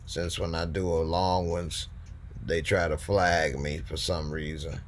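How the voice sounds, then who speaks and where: A man with a lowish voice hosts a live call-in show. He speaks in an unhurried, laid-back way, chatting in slang as he answers viewers. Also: flat delivery, slight background noise. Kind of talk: casual live-stream chat.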